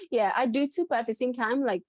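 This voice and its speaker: A woman's voice: sits high, very animated, moderate pace, darkish tone, husky, no echo. A woman co-hosting a book podcast in casual chat, talking with many restarts and frequent laughs. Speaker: podcast co-host.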